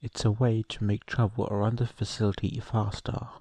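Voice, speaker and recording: A man's voice: fairly low pitch, flat delivery, moderate pace, dark tone, no room sound. A man reading as urgent young scientist Izuku. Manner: urgent, commanding. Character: young male scientist, earnest leader.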